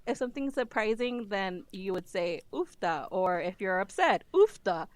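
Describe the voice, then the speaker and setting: A woman's voice: mid-range voice, normal speed, no echo. A woman co-hosting a podcast in casual chat, laughing often and filling her talk with "like". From lives in Minnesota. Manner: laughs often, many "like" fillers. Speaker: podcast co-host.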